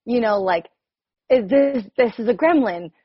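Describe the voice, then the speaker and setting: A woman's voice: a little high, lively intonation, measured pace, creaky, breathy edge, no room sound. A rambling, self-questioning woman from New Jersey, sharing openly on a group video call. She speaks with many "like"s and laughs often, in a dry, close voice. The video-call audio is slightly dull. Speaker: coach.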